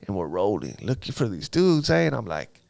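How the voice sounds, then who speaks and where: A man's voice: fairly low pitch, very animated, a little fast, gravelly, darkish tone, dry recording. A man telling his life story in a casual interview, using street slang and acting out sounds.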